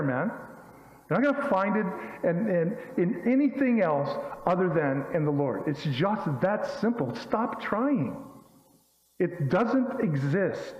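A man preaching a sermon in an emphatic, folksy way, full of rhetorical questions. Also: high-pitched. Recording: echoey hall, dull lo-fi sound.

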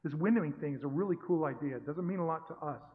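A man's voice: fairly high pitch, rapid-fire. A man preaching a conversational sermon, correcting himself often and rising to emphatic bursts. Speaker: pastor. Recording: tinny phone-like sound with long hall reverb.

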